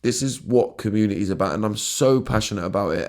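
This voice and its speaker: In a lowish, slightly mellow voice and at a quick pace, a podcast host delivers an emotional solo monologue. He has been crying, speaks earnestly, stumbles and restarts his words often, and swears casually.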